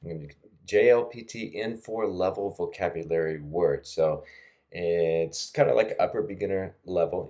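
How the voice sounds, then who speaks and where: With a low, mellow voice, a middle-aged language teacher leads a screen-recorded tutorial from close to a desktop mic. He chats casually throughout, using plenty of fillers and soft laughs.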